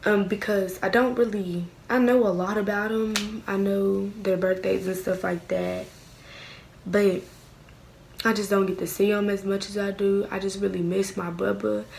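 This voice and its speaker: A woman's voice: medium pitch, flat delivery, moderate pace, gravelly, a little mellow, slight background noise. A woman talking in a rambling, heartfelt personal vlog at home at night, often near tears. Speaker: vlogger.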